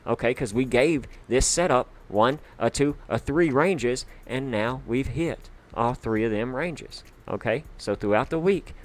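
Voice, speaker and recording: A man hosting a casual livestream, chatty and excitable, with lots of fillers, shout-outs and sudden bursts of hype. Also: mid-range voice. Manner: hyped, chatty, full of fillers. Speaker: livestream host.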